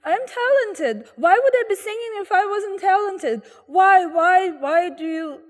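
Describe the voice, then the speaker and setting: A woman's voice: extremely high pitch, lively intonation, a little slow, in a large hall, pitched above the performer's own voice. A woman voicing a self-important young woman singer who wails indignantly through tears. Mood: tearful indignant. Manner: wailing, indignant, pleading.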